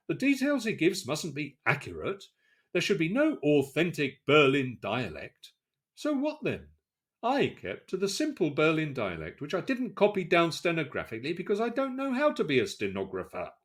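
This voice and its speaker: A man's voice: on the high side, fairly bright tone, full character voice. A man reading aloud as a sardonic middle-aged novelist who scornfully mocks his critics. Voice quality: scornful, sarcastic delivery. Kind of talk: dramatic reading.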